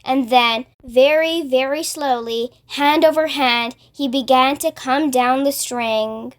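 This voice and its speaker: A woman narrates a children's book aloud in a clear, expressive storytelling manner. Her voice is high and light. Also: slow pace.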